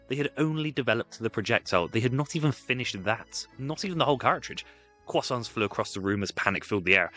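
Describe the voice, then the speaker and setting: A man's voice: lowish voice, bright, forceful tone. Wry man narrating history. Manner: wry, jokey, sarcastic asides. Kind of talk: scripted comedic narration.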